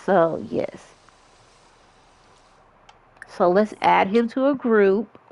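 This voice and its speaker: A woman's voice: mid-range voice, extremely slow, creaky, a little mellow, rough recording. Sick woman narrating a game. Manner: chatty, laughs, stumbles and repeats words. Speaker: gaming vlogger. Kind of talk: casual game commentary and reading story text.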